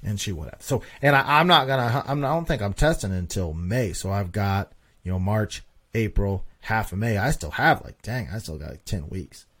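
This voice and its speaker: A man's voice: lowish voice, lively intonation, moderate pace, a bit bright, husky. A man hosting a casual podcast monologue, talking emphatically and repeating points for stress. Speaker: podcast host.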